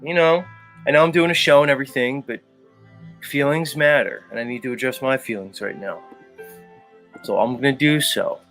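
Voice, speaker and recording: A man hosting a live stream, ranting in a heated, profane way and then talking himself calm. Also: medium pitch, normal speed, pauses often, soft background music. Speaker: livestream host. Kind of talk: casual live-stream rant.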